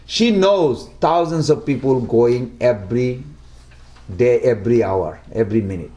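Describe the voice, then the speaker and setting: A man giving a devotional talk to a small group in simple, broken English, often asking lively rhetorical questions. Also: mid-range voice, a little slow, echoey room. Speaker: devotional speaker.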